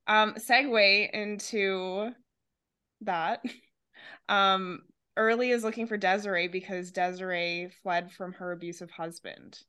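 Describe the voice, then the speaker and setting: A young woman chats about a book on a podcast, weighing her ideas aloud in a reflective, analytical way. Her pitch sits in a typical middle range. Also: fairly even intonation, takes it slowly, pushed and bright, clean tone. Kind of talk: casual book-podcast chat.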